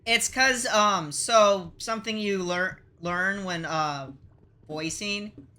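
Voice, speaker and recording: A woman's voice: medium pitch, slow, pushed and bright. A young woman streaming a game, talking to herself and her chat in a playful, mock-dramatic way, with sudden exclamations. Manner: talks to herself and chat while playing. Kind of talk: live gameplay commentary.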